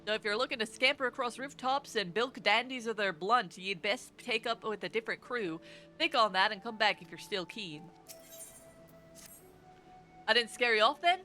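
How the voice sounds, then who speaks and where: A woman voicing a gruff male rogue guild lookout, reading game dialogue aloud in a rough put-on Scottish-style accent. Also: sits high, sing-song, quick pace, few pauses, a bit bright, soft background music, voice pushed up. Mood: warning.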